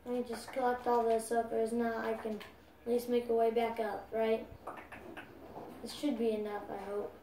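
High-voiced woman narrating her gameplay. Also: little pitch movement, moderate pace, recorded from a distance, noisy background. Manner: talks to viewers while playing, exclaims loudly at setbacks. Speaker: gaming video creator. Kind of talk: casual gameplay commentary. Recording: roomy sound, voice off-mic, music behind.

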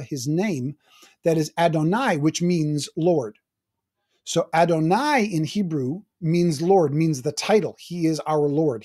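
A man's voice: a little high, dark tone. Chatty older man teaching Bible. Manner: chatty, self-deprecating teacher with frequent restarts. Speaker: teaching pastor.

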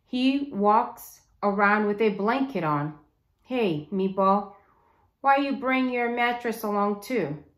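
A woman's voice: mid-range voice, slow, reverberant, natural voice. A woman voicing a scrappy, bossy boy of about eight who taunts and growls, reading a storybook aloud. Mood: taunting.

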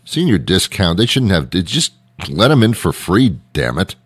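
A man's voice: sits low, lively intonation, a little slow, husky, dry recording, studio quality. A man hosting a radio show, rambling through a comedic monologue with sarcasm, acting out little scenes and laughing often.

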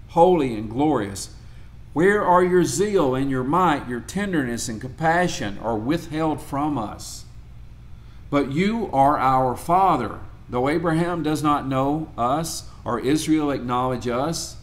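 Earnest male preacher reading scripture. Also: mid-range voice. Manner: earnest, measured, reads scripture with emphasis. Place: church.

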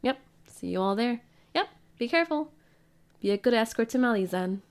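Female let's-player, bright and high, chatty and giggly, reads game dialogue aloud. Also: expressive, moderate pace. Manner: playful, giggly, reads character lines in her own voice. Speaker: gaming streamer. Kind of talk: casual let's-play commentary, reading game dialogue aloud.

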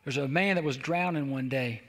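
A man's voice: medium pitch, normal speed, fairly bright tone. A man pastor preaching a sermon, exhorting and repeating calls to the congregation. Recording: long hall reverb.

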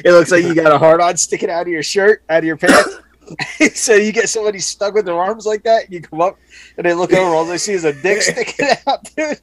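A man's voice: high-pitched, a little fast, no room sound. A man co-hosting a podcast, joking crudely and laughing a lot in casual banter. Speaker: podcast co-host.

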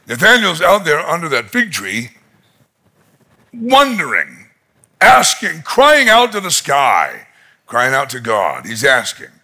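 Male conference preacher, high and lively, slow dramatic delivery with shouted peaks, husky edge. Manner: dramatic retelling with voiced quotes; shouts in climactic moments. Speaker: pastor. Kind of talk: sermon. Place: conference hall.

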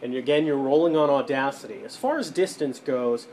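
Guy at his desk doing a casual tech tutorial, mid-pitch voice, drifts closer and farther from his desk mic. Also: brisk, a little mellow, a little hiss or hum. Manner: practical step-by-step instructions. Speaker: tutorial presenter for a radio show. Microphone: desktop USB microphone, moving toward and away from it.

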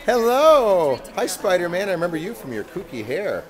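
Male roving host at a packed Halloween event, upbeat and playful with kids, lively pitch, noisy crowd behind. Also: moderate pace. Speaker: roving host greeting trick-or-treaters. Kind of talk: on-the-spot event coverage. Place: busy theatre at a Halloween event.

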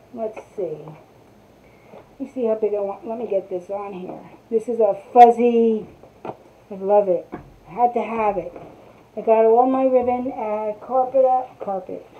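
A woman hosting a casual craft tutorial live stream, chatting to viewers while she works on a piece at her table. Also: on the high side. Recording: tinny phone-like sound.

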